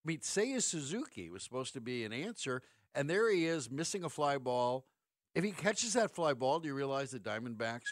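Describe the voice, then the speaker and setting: A man's voice: mid-range voice, no room sound, studio quality. A middle-aged man hosting sports talk radio, ranting sarcastically and firing off rhetorical questions.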